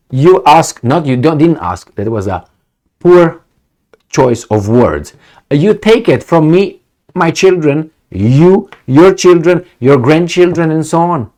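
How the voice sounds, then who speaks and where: Middle-aged man, commentary vlogger, indignant and sarcastic, very lively pitch. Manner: sarcastic, indignant, swings between loud outbursts and muttered asides. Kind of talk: reading news and ranting.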